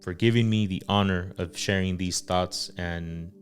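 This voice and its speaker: A man, a husband and father, hosting a casual faith-based podcast and speaking earnestly, with many ums and pauses. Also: sits low, steady tone, soft background music. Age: adult father. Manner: earnest, full of fillers and pauses. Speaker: podcast host.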